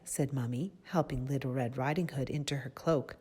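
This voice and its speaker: A woman reading a storybook aloud to children, gently pausing to ask them questions. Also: a bass voice, breathy edge.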